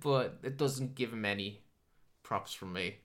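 Guy, podcast co-host, bright edge to the voice, exasperated and sweary film rant. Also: fairly low pitch, measured pace. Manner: swears a lot, ranting and exasperated. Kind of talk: casual film review chat.

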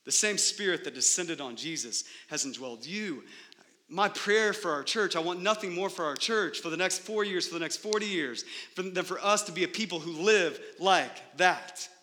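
Pastor guy preaching, kinda high bright voice, keeps asking "right?", long echo from the big church room. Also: normal speed. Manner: emphatic preaching with repeated rhetorical "right?". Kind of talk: sermon. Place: church sanctuary.

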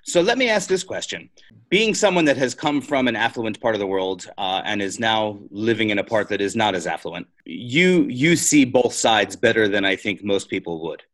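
A man hosting a podcast, asking a measured, thoughtful question in an interview. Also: lowish voice, expressive, a bit bright. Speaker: podcast host.

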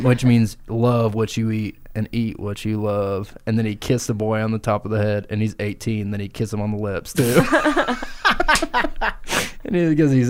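A man's voice: lowish voice, a little mellow, slight background noise. A man co-hosting a comedy podcast, telling a crude improvised story in a rambling way. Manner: rambling, crude, giggling asides. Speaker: podcast co-host.

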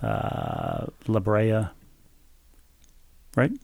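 A man's voice: lowish voice, wildly swooping pitch, extremely slow, creaky, a little mellow, husky, dry recording. A man co-hosting a podcast, reading listener mail aloud in a casual, joking way, often stumbling over repeated words. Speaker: podcast co-host.

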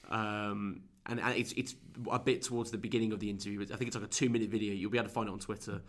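A man's voice: fairly low pitch, level tone, very fast. A man chatting on a football podcast in an easygoing, rambling way, often restarting and calling his co-host mate. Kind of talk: casual football podcast chat.

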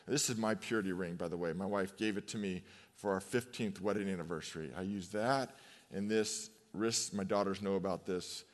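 A man in his fifties preaching a sermon as a pastor, conversational, telling personal stories and slowing down for emphatic pauses. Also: lowish voice. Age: 50s. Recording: long hall reverb.

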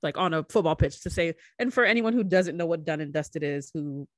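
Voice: medium pitch, animated, fairly quick, no room sound, clean studio sound. Ożywiony współprowadzący podcast, suche nagranie. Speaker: podcast co-host. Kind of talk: casual chat.

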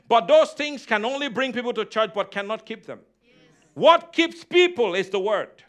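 A man's voice: very high-pitched, lively intonation, moderate pace. A man preaching a sermon as pastor, asking the congregation questions and repeating key phrases.

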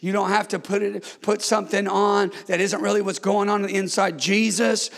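A middle-aged man preaching a sermon as pastor, swinging from hushed tones to shouted calls for the congregation to answer. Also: high-pitched, flat delivery, moderate pace, gravelly, big-room sound. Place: church sanctuary.

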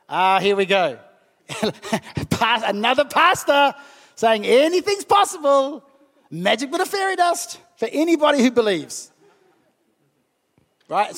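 A man from New Zealand preaches in a conversational sermon style and slips into emotional outbursts. His voice sits very high. It rings with a long reverb from a church hall. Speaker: pastor. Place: church hall with about a hundred people.

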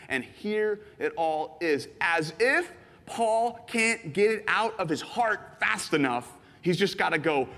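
A fast-talking pastor in his thirties, a man with a high voice, preaching with animated, filler-heavy storytelling. His voice rings in a church hall with a long reverb. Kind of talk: sermon. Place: church sanctuary.

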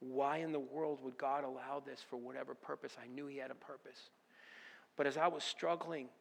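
A man preaching an earnest sermon as a pastor, moving between fervent declarations and quiet personal confession. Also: medium pitch, steady tone, moderate pace, creaky, a little hiss or hum. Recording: long reverb of a large hall.

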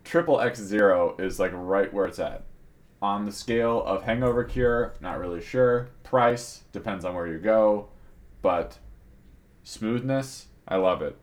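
Low voiced guy keeping the podcast moving, laid back. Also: a little slow. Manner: easygoing, steering the conversation. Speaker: podcast co-host. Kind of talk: casual podcast banter.

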